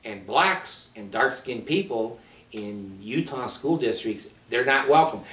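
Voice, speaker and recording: An angry man telling a story as a rant, profane and animated, jumping from loud outbursts to low asides. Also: unhurried. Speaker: video blogger. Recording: echoey room, far from mic.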